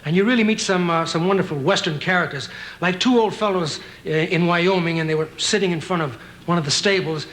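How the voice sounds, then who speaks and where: Comedian guest, high bright voice, jokey storyteller. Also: male voice, fairly quick, hardly any pauses. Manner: jokey, anecdotal. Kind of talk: talk show chat and storytelling.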